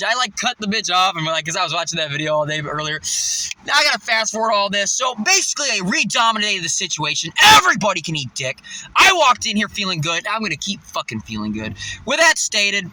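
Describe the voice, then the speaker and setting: A young man telling a heated story in a vlog, swearing a lot, with loud outbursts. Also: high-pitched, sing-song, fast talker, poor audio. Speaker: vlogger. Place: in his car, outdoors traffic nearby.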